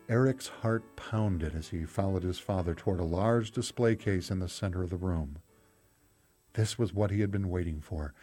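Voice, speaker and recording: A man with a low, dark, mellow voice reads a children's devotional in a steady, scripted narration. His storytelling is gentle and even, with soft music faintly underneath. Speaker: devotional host and reader.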